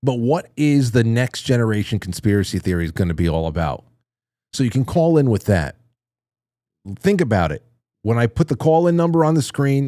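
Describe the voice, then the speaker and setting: A man's voice: mid-range voice, warm tone, dry recording, studio quality. Crude, rambling middle-aged male show host. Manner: rambling, crude, self-mocking jokes. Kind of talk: casual live-stream monologue.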